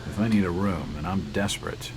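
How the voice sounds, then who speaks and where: An actor playing a reserved adult male investigator in a video game, speaking tersely and with measured care. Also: deep voice, a little hiss or hum, low-quality recording. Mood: polite inquiry. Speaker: game protagonist.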